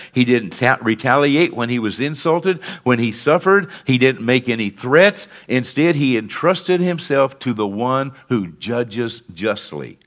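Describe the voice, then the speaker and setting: A male pastor preaching a sermon, calling out to the congregation for responses and swinging between fervent peaks and quiet lows. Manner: rises to fervent emphatic peaks, then drops low and quiet.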